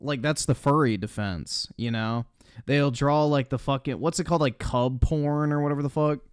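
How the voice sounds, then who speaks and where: A man's voice: medium pitch, moderate pace, clear, resonant tone, dry recording, studio quality. A man live-streaming his reactions, blunt and full of swearing. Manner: profane, blunt outbursts.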